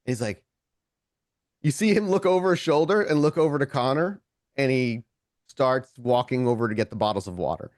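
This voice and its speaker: A man's voice: medium pitch, normal speed, dry recording. Man narrating as game master, dry sound. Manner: relaxed, rambling narration.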